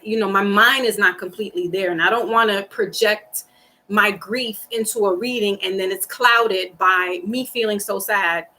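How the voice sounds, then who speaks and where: A woman hosting a livestream reading, talking casually to her viewers about grief and acting out past conversations in lively voices. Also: medium pitch, moderate pace. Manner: talks through grief, quoting herself and a friend in animated voices. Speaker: tarot reader on a livestream. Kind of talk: casual chat with live viewers.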